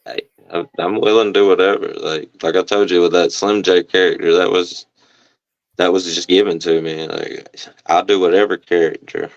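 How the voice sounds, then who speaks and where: A man, a professional wrestler, talking casually in an interview and telling stories in a relaxed way, acting out other people's voices. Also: low-pitched, moderate pace, dry recording, dull audio. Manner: relaxed storyteller, acts out the other voices in quotes.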